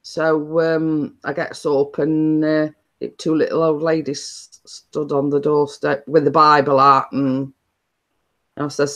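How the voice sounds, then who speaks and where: A woman's voice: sits low, completely flat delivery, slow, a bit bright. A woman hosting a chatty live stream, telling stories in a rambling way with many restarts.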